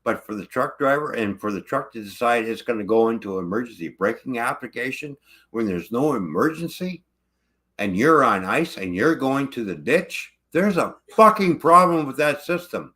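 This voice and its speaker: A man's voice: medium pitch, expressive, moderate pace, a bit bright. A truck driver ranting angrily about his truck, swearing constantly in casual livestream talk.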